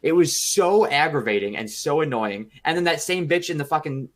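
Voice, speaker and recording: A man co-hosting a podcast, telling a story in a casual, profane, animated way with acted-out quotes. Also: fairly high pitch, a little fast. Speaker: podcast co-host.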